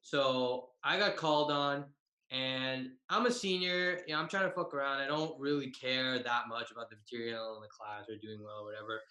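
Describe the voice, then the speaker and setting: A man's voice: mid-range voice, fairly even intonation, moderate pace, sharp tone, echoey room, poor audio. A young man and comedian telling a tag-team story in a loose, profane, self-mocking way over a video call. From Bay Area, California.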